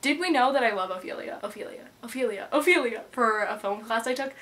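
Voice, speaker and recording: A woman's voice: fairly high pitch, brisk, a bit bright. A young woman in her twenties chatting casually as a book vlogger, bubbly and gushing, with lots of "like" fillers. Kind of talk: casual chat.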